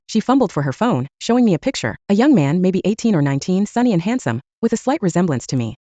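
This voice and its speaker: A woman's voice: mid-range voice, very animated, fast, hardly any pauses, warm tone, dry recording. A young adult woman narrating her own story in the first person, blunt and wry.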